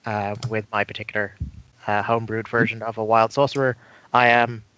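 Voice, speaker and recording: A man's voice: fairly low pitch, little pitch movement, fairly quick, fairly bright tone, smooth, highs cut off. Chatty man at a tabletop game. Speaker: player. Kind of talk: casual tabletop play.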